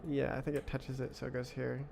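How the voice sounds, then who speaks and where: A man's voice: mid-range voice, completely flat delivery, fairly quick, gravelly, noisy background. A young British man live-coding on stream, thinking aloud in a casual, puzzled way and answering his chat between mutters to himself. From Britain.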